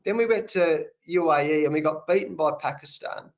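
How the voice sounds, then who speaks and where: An Australian man with a fairly high voice speaks earnestly over a video call. He is middle-aged and tells his story candidly, leaning hard on repeated phrases. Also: a little fast, dull audio. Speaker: interview guest, cricket coach. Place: home study, indoors.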